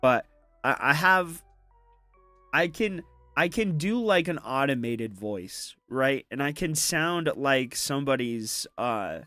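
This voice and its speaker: A man's voice: medium pitch, lively intonation, slow pace, sharp tone, dry recording, soft background music. A man co-hosting a stream in casual banter, often laughing.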